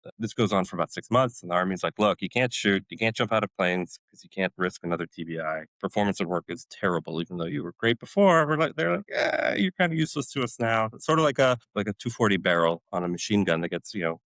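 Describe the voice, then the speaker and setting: A man's voice: low voice, lively intonation, fast talker, fairly bright tone, no room sound, low-quality recording. A man in his forties, a former special forces medic, telling his story as a podcast guest and acting out his own past outbursts. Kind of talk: storytelling interview.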